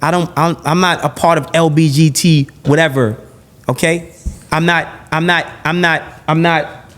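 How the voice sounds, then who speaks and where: A podcast guest with a notably high voice gets heated in an interview, speaking at a moderate pace yet in an animated rush, with repeated, piled-up phrases, restarted sentences, and blunt swearing. He comes across as blunt and profane.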